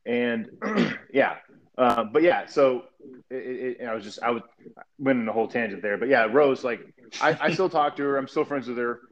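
A man's voice: medium pitch, moderate pace. A man who is an army veteran, chatting casually on a podcast, rambling and swearing with lots of fillers. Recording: muffled lo-fi audio.

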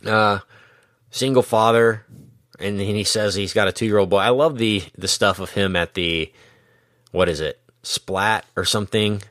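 Deep-voiced man in rambling movie chat. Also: steady tone, unhurried, fairly bright tone, no echo, studio quality. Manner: rambling, self-correcting, laughs often. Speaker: podcast co-host. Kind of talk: casual movie-review chat.

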